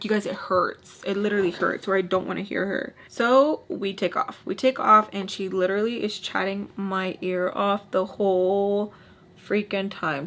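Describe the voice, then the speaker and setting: A woman's voice: mid-range voice, a bit bright. Chatty young woman telling a story. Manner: chatty, exasperated, heavy on "like", slips into Spanish phrases. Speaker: storytime vlogger. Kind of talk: casual storytelling.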